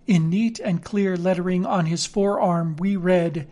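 A man reading a classic novel aloud as narrator, in measured storytelling. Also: high voice, fairly even intonation, a little mellow. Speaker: audiobook reader.

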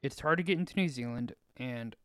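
A young man co-hosting a casual podcast, giving opinions in a wry way and letting his sentences trail off quietly. His voice is smooth and clear, recorded close and dry with no room sound. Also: medium pitch, fairly quick, dry recording. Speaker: podcast co-host. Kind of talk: casual chat.

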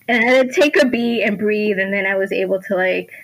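A woman guest on a chat podcast, telling a lively story, laughing often and acting out what people said. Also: mid-range voice, fairly quick, low-quality recording. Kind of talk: casual chat.

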